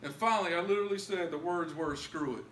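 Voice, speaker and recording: A man telling his own story as a testimony in a church, emotional and pleading at its high points. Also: fast talker, a bit bright, roomy sound, a little hiss or hum. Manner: emotional, rising to pleading highs. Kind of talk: testimony sermon.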